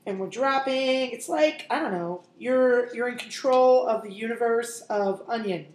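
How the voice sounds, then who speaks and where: A woman's voice: on the high side, unhurried, reverberant, slight background noise. A woman in her forties hosting a home cooking show, chatting and joking straight to viewers as she works. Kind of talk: casual cooking demonstration.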